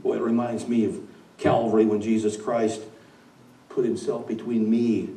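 A man preaching a dramatic storytelling sermon, swinging from hushed to loud, recorded in a church. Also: lowish voice, level tone, moderate pace. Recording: echoey church from far off.

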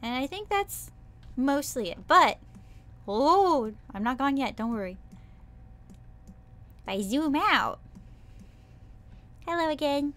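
Bubbly high-voiced woman streamer. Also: animated, slow, long pauses, fairly bright tone. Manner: bubbly, playful, squeals and cutesy sound effects. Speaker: VTuber streamer. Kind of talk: casual livestream chat.

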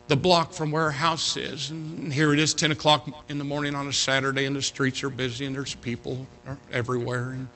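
A man pastor telling a story in a sermon, swinging from loud to hushed. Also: on the high side, slight background noise. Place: church sanctuary.

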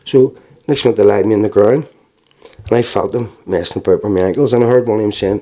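Plain-spoken Belfast man, low and mellow. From Northern Ireland. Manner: frank, plain-spoken storytelling with halting restarts. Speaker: interviewee. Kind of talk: personal testimony.

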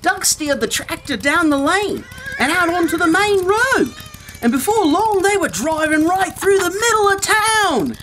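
A woman's voice: very high-pitched, animated, measured pace, a bit bright, slight background noise. A woman reading a children's picture book aloud, playful, with jokey asides. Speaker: storyteller.

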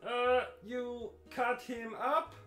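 A very high, smooth voice of a man playing a timid, dim manservant. He speaks slowly and hesitantly, bright in tone, with faint music behind him. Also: flat delivery, full character voice. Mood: meek. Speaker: sidekick.

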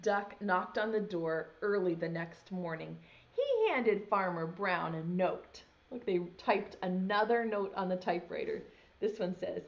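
A young woman preschool teacher reading a picture book aloud, gently stopping to ask the children questions. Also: medium pitch, measured pace, lo-fi sound. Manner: gentle, asks children questions as she reads. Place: home video lesson.

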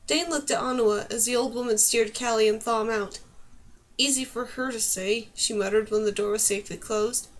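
In a fairly high, fairly bright voice, a woman reads a novel chapter aloud for an audiobook. Her scripted narration rises whenever the characters deliver emotional lines.

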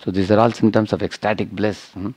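A man's voice: lowish voice, flat delivery, brisk, a little mellow, husky, no echo. A man giving a devotional scripture lecture, telling a story and checking in with listeners with "huh?" and "hmm?".

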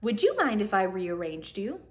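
A woman's voice: mid-range voice, sing-song, moderate pace, close to an everyday voice. A woman voicing a friendly, polite male hermit crab who compliments and kindly asks favors. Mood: admiring. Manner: sweet, admiring, politely asking.

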